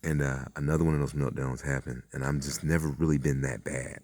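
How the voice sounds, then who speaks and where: A man's voice: a bass voice, steady tone, a little fast, darkish tone, dry recording, studio quality. A man hosting his own channel, talking in a meandering, profane monologue full of fillers and acted-out quotes. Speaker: channel host. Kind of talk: rambling spiritual monologue.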